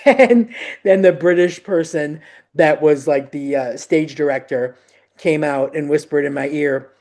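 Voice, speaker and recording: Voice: medium pitch, measured pace, a little mellow. A podcast host chatting casually, rambling and searching for words with many fillers. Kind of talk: casual interview chat.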